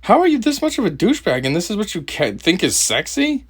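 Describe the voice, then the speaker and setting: A young man from Connecticut doing a mocking reaction commentary over a video, laughing often and pausing the clip to remark on it. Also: high-pitched, huge pitch swings, slight background noise. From Connecticut, USA. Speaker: commentary host.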